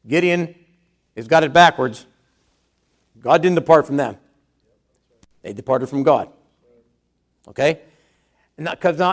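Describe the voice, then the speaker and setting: A man's voice: fairly high pitch, big pitch swings, moderate pace, pauses often. A man preaching a conversational sermon, reading scripture aloud and then retelling it in his own words.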